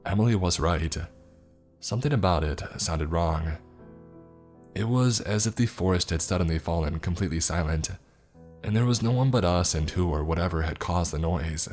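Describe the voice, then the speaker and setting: A man narrating a horror story in a steady, measured way. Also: deep voice, soft background music.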